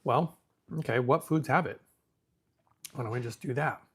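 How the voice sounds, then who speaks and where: With a husky, mid-range voice at a moderate pace, this man runs a casual live question-and-answer stream. He reads questions off the screen and muses aloud, speaking with easy confidence.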